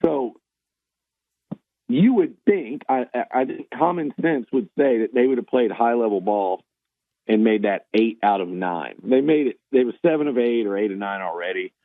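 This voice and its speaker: A man's voice: mid-range voice, normal speed, dry recording. A man giving casual sports analysis. He rambles, restarting and repeating himself as he works through his points. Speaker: baseball analyst. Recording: tinny phone-line sound.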